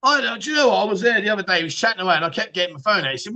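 A man's voice: high voice, lively intonation, rapid-fire, hardly any pauses, sharp tone. A man hosting a casual livestream chat show, reading viewer comments and joking around with frequent laughs and swearing.

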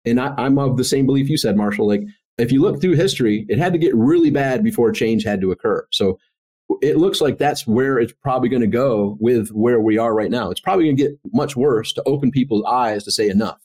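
A man's voice: mid-range voice, fairly quick, a little mellow. A man who is a guest on a podcast, speaking earnestly and reflectively in casual conversation. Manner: earnest, reflective, faith-centered. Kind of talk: casual interview chat.

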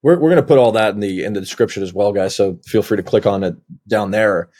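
A man hosting an interview, speaking in a reflective, halting way. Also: lowish voice, dark tone, breathy edge. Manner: reflective and appreciative, halting delivery. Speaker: host. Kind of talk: casual interview.

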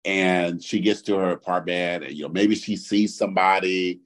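A man co-hosting a casual podcast, telling animated, profane stories with sudden jumps in pitch. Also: moderate pace. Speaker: podcast co-host.

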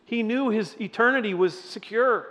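A man with a somewhat high voice leads a sermon in a loose, chatty way and keeps turning questions back to the room. His voice rings out with a long reverb tail, as if he is in a large church hall. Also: moderate pace, fairly bright tone. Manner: conversational, asks the audience questions. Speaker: pastor. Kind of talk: interactive sermon.

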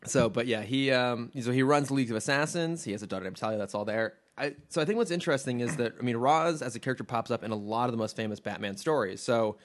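Male podcast co-host, mid-pitched, chatty and enthusiastic, rambles with restarts. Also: fast, few pauses. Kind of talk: casual chat.

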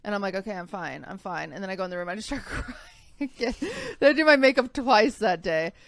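A woman's voice: mid-range voice, lively intonation, quick pace, no echo. Chatty young woman, dry close sound. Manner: rambling, filler-heavy storytelling. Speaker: podcast co-host. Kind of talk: casual chat.

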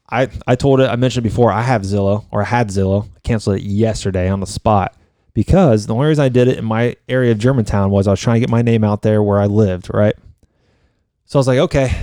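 Man, rapid-fire, swearing, mellow dark tone, dry sound, casual podcast chat. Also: fairly low pitch, dry recording. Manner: fast, heated storytelling with frequent swearing. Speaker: real estate agent.

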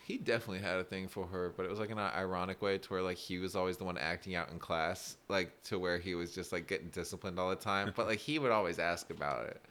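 A young man with a very deep, low voice chats casually, telling school stories. He rambles, fills his sentences with "like," and breaks into laughter often. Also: fast talker, hardly any pauses, clear, resonant tone. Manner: rambling, animated, laughs often, many "like" fillers. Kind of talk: casual storytelling chat.

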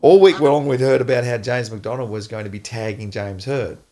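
An Australian man and former footballer, hosting a casual chat and telling an animated story with frequent laughs. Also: mid-range voice, moderate pace. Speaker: podcast host, former footballer.

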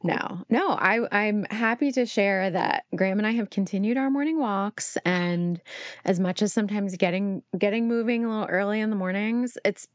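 A woman's voice: mid-range voice, no room sound, studio quality. A woman co-hosting a podcast in casual chat, teasing her co-host and laughing often. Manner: teasing, laughs often, quick back-and-forth.

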